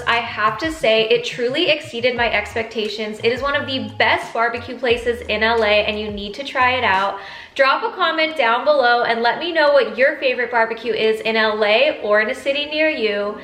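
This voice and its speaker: A young adult woman hosting a food review vlog, talking with enthusiasm and pausing to taste. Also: fairly high pitch, pushed and bright, reverberant, soft background music. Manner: enthusiastic, tasting food between lines. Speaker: food vlogger.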